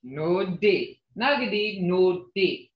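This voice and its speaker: Older lady teaching a class over zoom, super slow and patient, echoey muffled audio. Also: fairly low pitch, lively intonation, far from the mic. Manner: patient, drawn-out coaching with frequent "okay?". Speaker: language teacher. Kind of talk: online language class. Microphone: video call.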